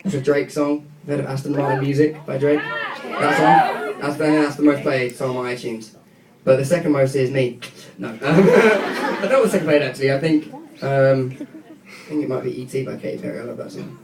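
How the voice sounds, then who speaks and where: A man's voice: mid-range voice, normal speed. A young British man, a guest singer, chatting and joking through a casual fan Q&A in a radio studio. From Britain. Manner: chatty, giggly, jokey. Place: radio studio room with a live audience. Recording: echoey room, distant mic, crowd noise.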